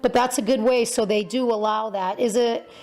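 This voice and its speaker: Casting: talkative female talk show host, fairly high voice, lots of ums. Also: steady tone, normal speed, darkish tone. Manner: chatty, many fillers and restarts. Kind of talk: casual interview chat.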